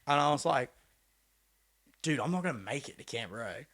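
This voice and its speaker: A young Australian man, a pro mountain biker, telling a story in a casual, animated way, acting out quotes with laid-back slang and swearing. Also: medium pitch, fairly quick. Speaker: podcast guest, pro mountain bike rider.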